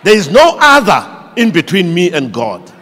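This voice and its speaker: Animated South African pastor preaching. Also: male voice, high voice, unhurried. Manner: animated storytelling preacher, acting out quoted voices. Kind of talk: sermon. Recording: long reverb of a large church hall.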